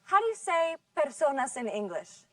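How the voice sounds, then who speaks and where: A woman teaching a scripted class, patient, stretching out model words slowly for the students to repeat. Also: sits high, very animated, fairly bright tone, dry recording, distant mic. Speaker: English teacher.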